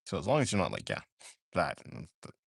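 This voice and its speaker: A man's voice: low-pitched, huge pitch swings, brisk, vocal fry, no echo, studio quality. A young man chatting casually on a live art stream while he draws, rambling and drowsy, often trailing off into mumbles.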